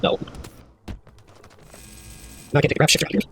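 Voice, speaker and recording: A man's voice: brisk, sharp tone, slight background noise. A man hosting a casual let's-play of a puzzle game, rambling and talking to himself as he works through it, swearing now and then. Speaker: gaming video host.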